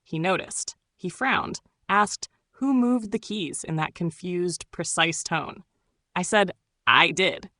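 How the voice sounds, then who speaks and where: A woman narrating a first-person story in a measured, steady way. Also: on the low side, no echo, studio quality.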